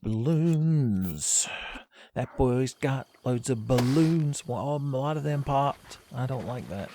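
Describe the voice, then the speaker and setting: A man's voice: medium pitch, animated, slow, warm tone, slight background noise. A man giving casual, rambling gameplay commentary as a let's play host, joking and laughing often.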